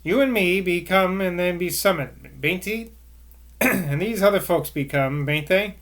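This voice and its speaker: A man's voice: high voice, measured pace, a bit bright, voice pushed up. A man voicing an eccentric old country woman who speaks in a rustic Somerset dialect, cryptic and odd.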